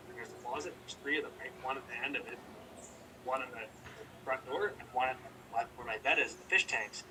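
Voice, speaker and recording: A man's voice: medium pitch, brisk, recorded from a distance, noisy background. A young man co-hosting a podcast, telling a rambling story in casual chat, profane and heated. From British Columbia, Canada. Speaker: podcast co-host.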